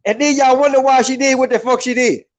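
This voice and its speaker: High-voiced man ranting heatedly. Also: steady tone, fast talker. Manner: heated, repetitive, keeps asking "right?". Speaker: vlogger. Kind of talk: profane opinion rant.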